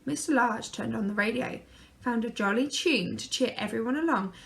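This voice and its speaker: A woman reading a children's picture book aloud, gently and expressively. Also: a little high, moderate pace, gravelly. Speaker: storyteller.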